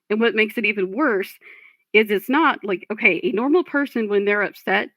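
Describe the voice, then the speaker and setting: A woman's voice: mid-range voice, fairly bright tone, no room sound. A woman hosting a livestream, talking casually and reading chat, frustrated and blunt, swearing at trolls. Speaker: livestream host. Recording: dull lo-fi stream audio.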